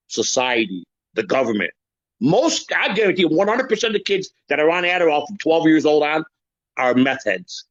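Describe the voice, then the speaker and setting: A man's voice: medium pitch, no room sound, highs cut off. An older man from Chicago hosting a podcast, reading viewer comments aloud and answering them in a defensive, rambling way. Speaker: podcast host. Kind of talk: livestream chat reading comments.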